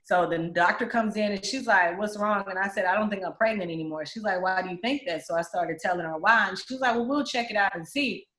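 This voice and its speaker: A woman, telling her story openly at a middle pitch. She slips into other people's voices as she recounts them. The recording carries a roomy echo. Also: fast talker, few pauses. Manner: candid, animated, acts out other people's voices. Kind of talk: personal storytelling interview.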